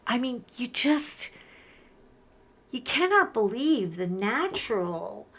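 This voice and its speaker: Chatty woman in her fifties crafting. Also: fairly high pitch. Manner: chatty and candid, animated retellings with rising emotion. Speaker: craft channel host. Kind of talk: casual chat while crafting.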